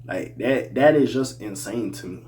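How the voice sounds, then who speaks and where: A young man giving casual hip-hop opinion commentary, animated, jumping between loud outbursts and mumbled asides, with a slight accent. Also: on the low side, moderate pace. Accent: slight regional accent.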